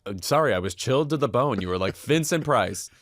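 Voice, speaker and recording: A man co-hosting a podcast in casual, campy, quick-witted banter, also reading ads. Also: medium pitch, animated, no echo, studio quality. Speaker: podcast co-host. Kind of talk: casual chat and ad reads.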